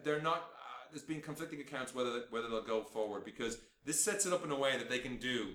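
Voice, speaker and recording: Fast, bright-voiced man chatting about films. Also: mid-range voice, roomy sound. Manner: animated, profane, acts out scenes in bursts. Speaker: film podcast host. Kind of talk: casual film review chat.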